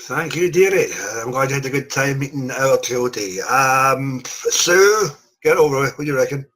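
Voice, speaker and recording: A man hosts a loose, casual podcast chat and introduces his guests with teasing jokes. His voice is bright and forward, and he rambles along with plenty of ums and restarts. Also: mid-range voice, moderate pace, rough recording. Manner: jokey, rambling with fillers. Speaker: podcast host.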